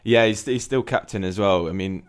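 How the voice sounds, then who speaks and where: A man's voice: fairly low pitch, moderate pace, smooth. A man hosting a casual football podcast, talking in a dry, understated, slightly pessimistic way. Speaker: podcast host.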